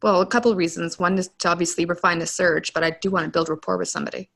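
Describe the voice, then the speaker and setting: A woman real estate agent taking part in a training webinar, giving brief, relaxed replies. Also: lowish voice, rapid-fire, vocal fry. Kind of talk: webinar participant answering.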